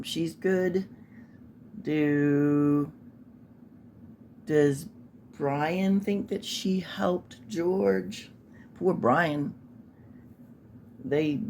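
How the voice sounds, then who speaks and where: A woman's voice: low-pitched, a little mellow, a little hiss or hum. A woman hosting a casual commentary, talking in a sarcastic, judgmental way. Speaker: commentary host.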